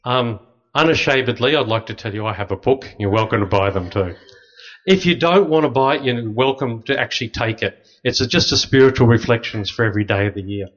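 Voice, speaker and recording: A middle-aged man, a priest, telling lively stories with dry humor to an audience. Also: mid-range voice, brisk. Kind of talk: storytelling talk to an audience. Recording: slightly dull lo-fi recording.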